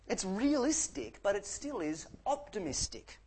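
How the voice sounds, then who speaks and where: Animated male preacher, jokey. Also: fairly high pitch, moderate pace, a little hiss or hum, rough recording. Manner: animated and jokey, with sarcastic asides and laughs. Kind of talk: sermon.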